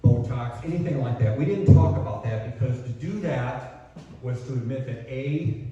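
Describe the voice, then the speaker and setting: A man's voice: mid-range voice, moderate pace, mellow, soft background music. An older man doing a self-deprecating stand-up comedy set, delivering punchlines on a small coffee house stage. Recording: echoey, distant, dull, noisy room recording. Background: audience laughter and room ambience.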